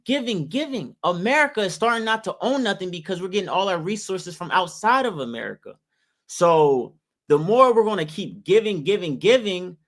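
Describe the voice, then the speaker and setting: Man, opinion vlogger, preachy and emphatic, voice a touch high. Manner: emphatic, preachy, rhetorical questions to viewers. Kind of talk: opinionated commentary to camera.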